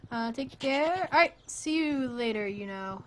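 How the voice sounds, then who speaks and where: A woman's voice: on the high side, lively intonation, measured pace, slight background noise. A woman streaming a farming game, chatting casually and playfully with her viewers in rambling, jokey asides. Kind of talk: casual gameplay live stream chat.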